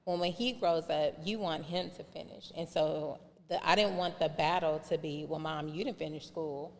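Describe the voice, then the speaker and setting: A woman's voice: low-pitched, moderate pace, big-room sound. A woman in her thirties telling her life story on a podcast, acting out the voices of people she quotes. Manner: animated storyteller who acts out quoted dialogue. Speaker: podcast guest.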